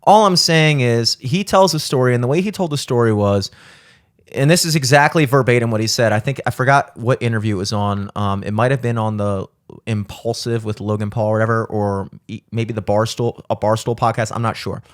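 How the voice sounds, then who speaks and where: A man's voice: mid-range voice, brisk. Young man, podcast host, casual chat, rambling, swears a lot, filler-heavy.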